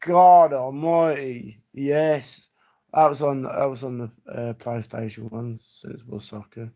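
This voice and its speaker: Gravelly man chatting casually. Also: medium pitch, unhurried, warm tone. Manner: rambling, nostalgic, trailing off. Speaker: livestream host. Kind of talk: casual reminiscing chat.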